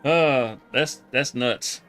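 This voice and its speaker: A man hosting a live stream, chatting casually in a relaxed, rambling way and laughing often. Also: mid-range voice, extremely slow, faint music behind. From Texas. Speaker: livestream host.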